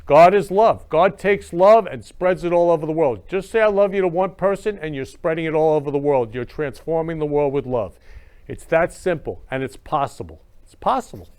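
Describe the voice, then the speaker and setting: A man's voice: fairly high pitch, darkish tone. A man hosting a talk show, gushing and repetitive, talking in a casual monologue. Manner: effusive and repetitive, gushing about love. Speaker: show host.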